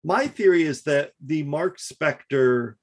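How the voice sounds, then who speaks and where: A man's voice: a little high, animated, takes it slowly. Agreeable male podcast co-host. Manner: brief agreeing replies, theorizing in longer runs. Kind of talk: casual chat.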